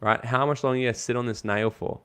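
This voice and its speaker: Man, rapid delivery, mid-range voice, emphatic motivational guest, casual swearing. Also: mid-range voice, fairly even intonation, a bit bright, clean tone. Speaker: guest, network marketing coach. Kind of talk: casual motivational interview talk.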